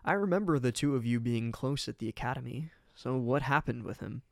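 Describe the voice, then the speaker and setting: Casting: man as a soft-spoken, patient mentor, measured delivery. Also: medium pitch, vocal fry, dry recording, clean studio sound, natural voice. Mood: gentle. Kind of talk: storybook reading.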